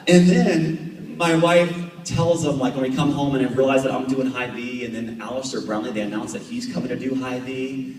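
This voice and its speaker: Casting: thirties man, animated storyteller, recorded from far off in a reverberant hall. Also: medium pitch, moderate pace. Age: 30s. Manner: chatty, jokey, animated anecdotes. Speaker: Olympic triathlete guest speaker. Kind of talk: storytelling talk to a club. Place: meeting room. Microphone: far camera. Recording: echoey room from far off.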